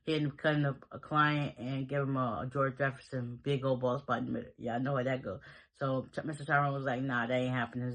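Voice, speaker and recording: A man casually recapping a TV episode, rambling through the plot and quickly quoting the characters. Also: mid-range voice, a bit bright, low-quality recording. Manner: rambling storytelling, quick quoted asides. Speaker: show recap host.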